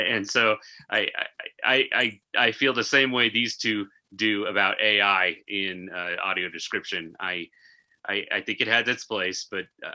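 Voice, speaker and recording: A man's low voice comes through very bright and forceful on a podcast panel. He speaks earnestly, stumbling on repeated words as he starts sentences. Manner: earnest, stammering restarts. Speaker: panel guest, board member. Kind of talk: panel discussion on a live podcast.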